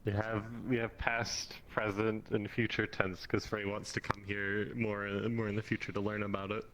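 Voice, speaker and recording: A man's voice: on the low side, little pitch movement, moderate pace, fairly bright tone, a little hiss or hum, low-quality recording. A man playing a tabletop role-play game, making laid-back, wry asides.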